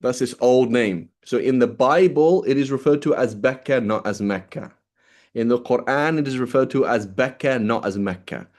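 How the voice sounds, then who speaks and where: A male teacher lecturing in an easygoing, conversational way, tagging "right?" onto most sentences. He keeps turning to his students with quick questions. His pitch sits in the middle for a man. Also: darkish tone. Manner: casual, checks in with "right?" constantly. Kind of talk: classroom lecture.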